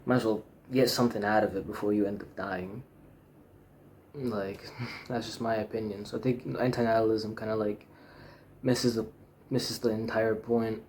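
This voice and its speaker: A man's voice: lowish voice, fairly even intonation, moderate pace, a little mellow, a little hiss or hum. A young man talking frankly in a rambling personal monologue, full of fillers, restarts and swearing. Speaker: vlogger.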